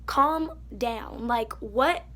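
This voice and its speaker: A young woman telling a storytime vlog into her phone indoors, sassy and animated, with mocking quoted voices. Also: a little high, extremely slow. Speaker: vlogger. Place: indoors by a wall.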